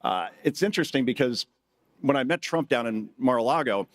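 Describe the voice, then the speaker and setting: A man's voice: medium pitch, animated, brisk. A middle-aged man giving a live speech at a conference, telling jokey stories and acting out quotes in changing voices. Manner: joking storyteller who acts out quotes in shifting voices. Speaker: conference speaker. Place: conference hall stage.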